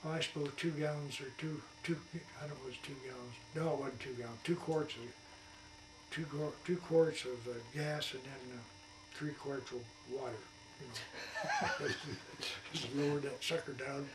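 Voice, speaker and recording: A man's voice: mid-range voice, fairly even intonation, normal speed, reverberant, distant mic, background noise. An older man from Iowa, a veteran, tells rambling wartime stories at home in a folksy way, with many restarts and small acted-out voices. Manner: folksy, restarts often, acts out voices in his anecdotes. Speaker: veteran interviewee. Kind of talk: rambling oral-history storytelling. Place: his home, in a room.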